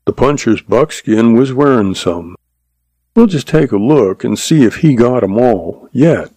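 A man voicing a gruff, muttering frontier sheriff. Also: mid-range voice, expressive, unhurried, mellow, no echo. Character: gruff small-town Western sheriff.

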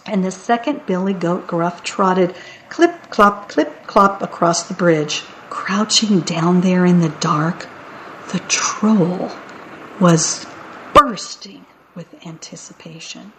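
Slow, playful woman reading a picture book. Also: on the low side, slight background noise, low-quality recording. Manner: playful, expressive narration. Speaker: storyteller. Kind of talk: picture book read-aloud.

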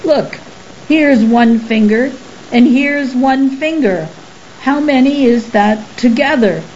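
A woman voices a huge, furry storybook beast who fires scornful questions at a captive, slow and mellow in delivery. Its sorrow and temper sit just under the words. The recording is slightly dull, with a faint hiss behind it. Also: sits high, voice pushed up. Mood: questioning. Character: huge furry male beast, gruff, grieving and short-tempered.

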